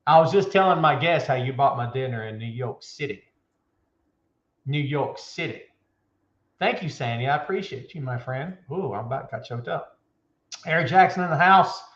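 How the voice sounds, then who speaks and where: A man hosting a live show, loud, joking and hyped, talking from an office with a bare floor and a window. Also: mid-range voice, lively intonation, moderate pace, long pauses. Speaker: show host. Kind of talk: live show, casual chat. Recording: echoey room, dull lo-fi sound.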